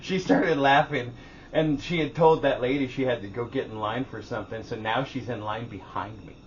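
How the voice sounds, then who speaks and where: Here a male podcast co-host with a medium-pitched voice and normal speed recounts a story casually, animatedly acting out quotes from the people in it and swearing without restraint. Sound quality is dull and lo-fi with a little hiss.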